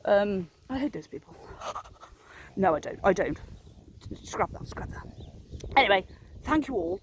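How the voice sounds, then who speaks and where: A woman talks into a handheld phone as she walks outside. Her delivery is loose and rambling, full of jokes at her own expense. She sounds relaxed and chatty, like she is speaking with friends. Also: on the high side, slight background noise. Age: 30s. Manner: rambling, jokey, self-mocking storyteller. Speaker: vlogger walking her dogs. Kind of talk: casual chat to a phone camera. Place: outdoors, walking in a public area.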